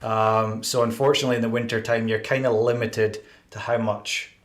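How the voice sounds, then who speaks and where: A man's voice: on the low side, little pitch movement, moderate pace. Chatty man hosting a live stream. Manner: chatty, practical, running through notes. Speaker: window cleaning channel host. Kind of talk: casual live-stream tips chat.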